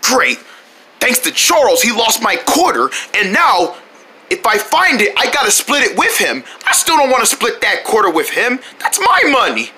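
A performer voicing characters in a playful improvised skit, full of silly sound effects, moving between excited shouts and sneaky low mutters. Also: normal speed. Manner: silly sound effects and sing-song noises.

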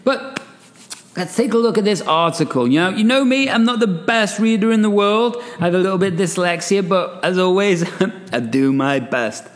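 Brief: a male podcast host with a higher-pitched voice, animated and conversational, in a room with long reverb. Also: normal speed. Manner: animated, chatty, laughs often, asides with "right?". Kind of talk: solo podcast talk, reading an article aloud.

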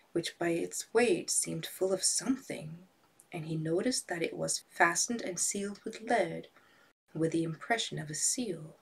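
A woman narrating a storybook tale in a soft voice that often sinks to a whisper. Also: on the low side, breathy edge.

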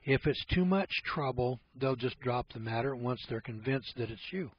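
A man's voice: medium pitch, expressive, normal speed, slightly rough. A man giving an informal lecture in a folksy, rambling way, full of rhetorical questions. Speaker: speaker on privacy. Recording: dull lo-fi recording.

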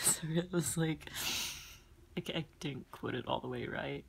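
A woman's voice: low-pitched, moderate pace, creaky, slight background noise. A young woman vlogging casually late at night, rambling, giggling and swearing, often dropping into whispers.

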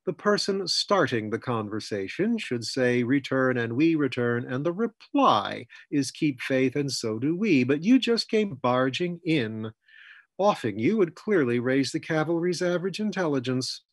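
A man's voice: medium pitch, lively intonation, no echo. A man doing a drawling menacing catman colonel. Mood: sardonic. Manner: slow drawl, murmuring threat.

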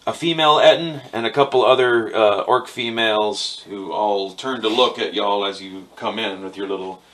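A young man running a tabletop game with a lowish voice. He rambles through the scene in a relaxed way and fills it with "like" and "uh.". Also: moderate pace. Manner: relaxed, rambling, many fillers. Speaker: game master.

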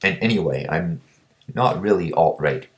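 A man's voice: low-pitched, lively intonation, moderate pace. A young man vlogging, ranting bluntly and combatively, swearing constantly. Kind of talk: profane ranting monologue.

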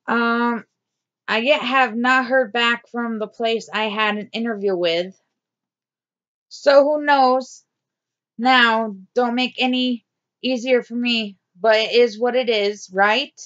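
A woman's voice: on the high side, fairly even intonation, slow pace, a bit bright. A woman reading her own diary entry aloud in a personal vlog, angry and emphatic, repeating herself. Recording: dull lo-fi sound.

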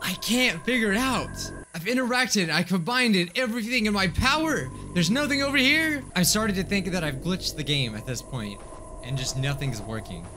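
A man playing a horror game and commenting as he goes, thinking aloud and getting loudly frustrated. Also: a little fast, noisy background. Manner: excitable, thinks aloud, swings between mutters and high yelps of frustration. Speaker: gaming YouTuber. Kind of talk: let's play commentary.

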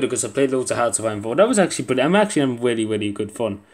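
A man's voice: mid-range voice, sing-song, racing, hardly any pauses, darkish tone. A young man giving casual gameplay commentary, muttering to himself and swearing under his breath as he plays. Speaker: gaming video creator.

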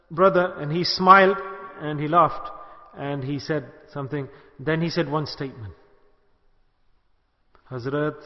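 Man, high voice, middle-aged, from the UK, Sufi sermon, storytelling, long reverb, muffled lo-fi recording. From United Kingdom. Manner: storytelling, acts out quoted speech, exhorting. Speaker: Sufi sheikh giving a talk. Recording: long reverb, dull lo-fi sound.

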